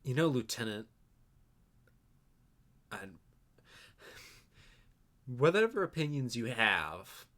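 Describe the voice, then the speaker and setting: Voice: mid-range voice, sharp tone. A man playing a stern senior male military officer in a tabletop role-play, speaking in a formal, lecturing way.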